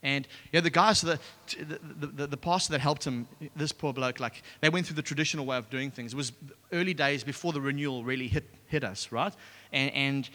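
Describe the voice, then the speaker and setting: A man preaching a sermon and telling a personal testimony, talking in an animated way with many restarts. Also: mid-range voice, fairly quick, hardly any pauses. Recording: echoey hall.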